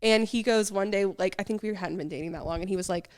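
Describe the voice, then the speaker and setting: Casting: female podcast guest, friendly and chatty, lively conversational energy. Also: mid-range voice, very fast, few pauses, dry recording. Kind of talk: casual chat.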